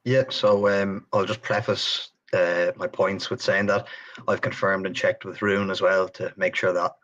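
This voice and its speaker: A man's voice: deep voice, level tone, a little slow, fairly bright tone, highs cut off. A man with an Irish accent co-hosting a football chat, easygoing and hedging with fillers. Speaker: co-host.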